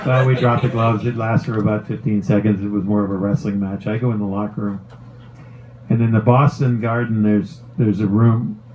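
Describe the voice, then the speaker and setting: Middle-aged man with a low, mellow voice, telling an animated, profane anecdote with laughs. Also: moderate pace, a little hiss or hum, poor audio. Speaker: former hockey player telling a story. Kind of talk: casual storytelling on a talk show.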